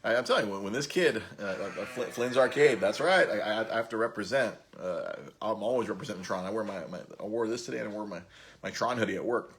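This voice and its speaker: A man's voice: on the low side, fast, fairly bright tone. A man in his thirties hosting a podcast, telling stories in a rambling, laughing way with many restarts. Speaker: podcast host. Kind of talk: casual storytelling chat.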